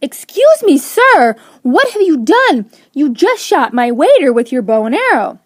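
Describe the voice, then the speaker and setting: A woman voicing a flustered male restaurant manager in a joke, with a high, exclaiming delivery. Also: big pitch swings, moderate pace, no echo, studio quality. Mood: alarmed.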